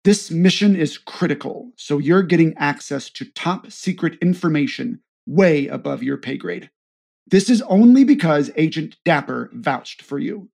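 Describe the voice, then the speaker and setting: A man's voice: on the high side, expressive, measured pace, vocal fry, darkish tone, exaggerated voice. A man voicing a stern female spy agency director who speaks curtly and commandingly. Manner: curt, commanding.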